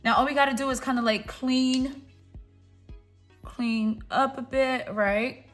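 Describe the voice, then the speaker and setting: A woman's voice: high voice, fairly even intonation, takes it slowly, faint music behind. A young woman chatting through her makeup tutorial, playful and encouraging as she talks to her viewers. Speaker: beauty vlogger. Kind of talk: casual makeup tutorial chat.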